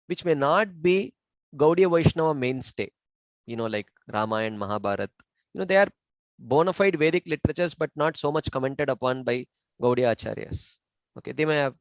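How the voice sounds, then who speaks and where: Measured, dry-voiced male spiritual teacher. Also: fairly high pitch, no room sound, poor audio. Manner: measured, explanatory, many "you know" fillers. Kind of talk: teaching discussion.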